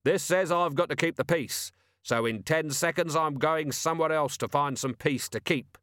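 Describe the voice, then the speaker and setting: A man's voice: fairly high pitch, moderate pace, fairly bright tone, no room sound, pitched above the performer's own voice, natural voice. A man voicing a weary male watch commander with a dry, ironic, clipped manner, in an audiobook. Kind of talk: audiobook character voice.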